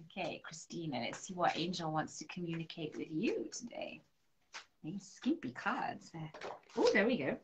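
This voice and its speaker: Gentle woman reading angel cards. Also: on the low side, big pitch swings, normal speed, background noise. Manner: gentle, encouraging, leads affirmations aloud. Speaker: spiritual coach. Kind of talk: live-stream card reading.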